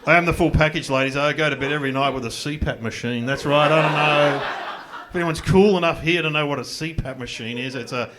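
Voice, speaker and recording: A man's voice: a little high, fast talker. A middle-aged man with an Australian accent doing a self-mocking, chatty stand-up comedy set on a club stage. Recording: live club recording with audience noise.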